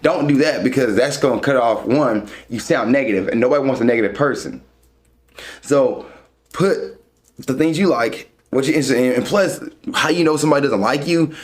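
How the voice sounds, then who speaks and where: A young adult man hosting a show, casually and frankly answering listener questions about dating one by one. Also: mid-range voice. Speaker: dating advice host. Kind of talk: casual advice talk.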